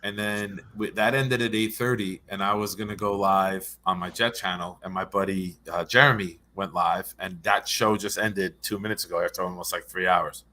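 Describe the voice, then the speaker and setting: A man's voice: sits low, fairly even intonation, moderate pace, few pauses, sharp tone. A man with a young son, co-hosting a casual sports talk show and telling laid-back, jokey stories. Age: adult with a young son. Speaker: guest co-host.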